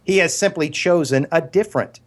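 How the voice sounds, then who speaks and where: A podcast co-host argues his point earnestly in a casual discussion, stumbling into restarts and reaching for absurd analogies. His voice is a little high and he talks a little fast.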